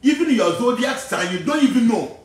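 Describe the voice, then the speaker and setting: A man with a Ghanaian accent, giving an animated, preachy talk that wanders from point to point. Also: very high-pitched, a little fast, heavy reverb, distant mic. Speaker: spiritual teacher. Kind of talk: casual talk mixing English and Twi.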